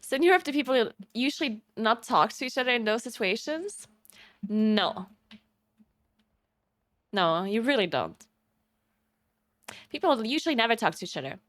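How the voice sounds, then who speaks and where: A young Italian woman streams, chatting casually with her viewers and telling stories animatedly, laughing often. Her voice is on the high side, at a normal speed with long pauses, in a dry recording.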